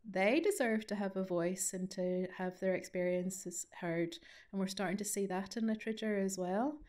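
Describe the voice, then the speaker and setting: A woman's voice: medium pitch, fairly even intonation, normal speed, a little mellow. Chatty Northern Irish woman with a Ballymena accent. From Northern Ireland. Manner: chatty, self-deprecating, full of asides. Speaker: invited author speaking at a study day. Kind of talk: conversational Q&A answer.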